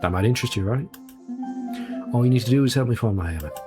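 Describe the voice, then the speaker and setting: Play a boastful, energetic woman blacksmith, done by a man reading a game. She talks brashly and quickly, and her put-on accent keeps shifting. Music runs underneath. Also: mid-range voice, lightly acted.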